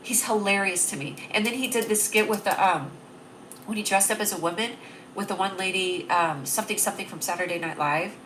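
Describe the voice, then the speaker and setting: A woman's voice: mid-range voice, fairly quick, fairly bright tone, slight background noise. Bubbly young woman rambling on a livestream. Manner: bubbly, rambling, laughs at own jokes. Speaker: livestream host. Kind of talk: casual livestream chat.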